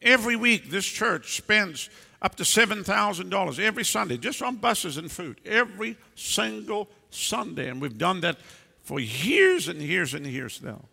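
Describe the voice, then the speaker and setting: A man preaching from the pulpit in a high, gravelly voice that carries a sharp, forceful edge. He is blunt and emphatic, scolding his listeners in sudden bursts. His words ring out with a long reverb through a big church hall. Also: big pitch swings, normal speed. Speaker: pastor. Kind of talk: preaching a sermon.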